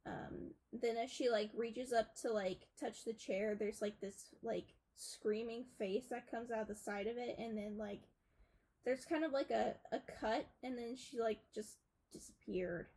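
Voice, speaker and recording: A woman's voice: a little high, steady tone, measured pace, darkish tone, rough recording. A young woman co-hosting a casual podcast, rambling through a film plot with frequent filler words. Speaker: podcast co-host. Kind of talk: casual chat retelling a film.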